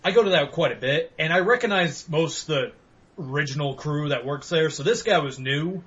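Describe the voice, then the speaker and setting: A man's voice: on the high side, brisk, a bit bright, muffled recording. A young man hosting a podcast, telling rambling, profane stories in casual chat with bursts of laughter. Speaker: podcast host.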